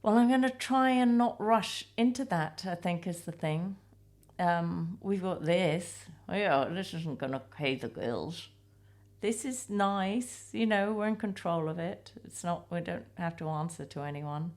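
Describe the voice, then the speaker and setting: A woman's voice: on the low side, unhurried, darkish tone. A woman hosting a comedy podcast, chatting casually and self-deprecatingly, with frequent laughs.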